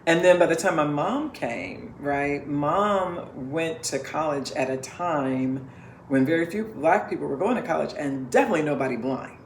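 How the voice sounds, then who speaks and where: A middle-aged woman co-hosting a family podcast, explaining things at length in a measured, emphatic way. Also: low voice. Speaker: podcast co-host, parent. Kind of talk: casual family podcast chat. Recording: echoey room, faint background hiss.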